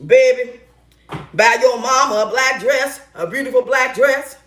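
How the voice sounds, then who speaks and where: A middle-aged woman in casual storytelling chat, loud, blunt and profane, talking in her home kitchen. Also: high-pitched, unhurried, reverberant. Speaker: relationship advice vlogger.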